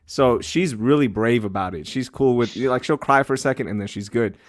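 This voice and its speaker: Animated man telling a story on a dry podcast mic. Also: mid-range voice, fairly quick, no echo. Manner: animated storytelling, mocking himself. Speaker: podcast co-host. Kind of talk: casual chat.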